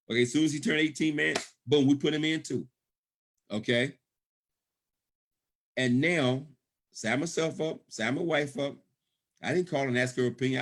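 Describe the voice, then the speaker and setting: Emphatic man pitching on a call. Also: fairly bright tone. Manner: emphatic, repetitive, frequent "okay?" check-ins. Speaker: presenter of a business opportunity call. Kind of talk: sales pitch on a conference call.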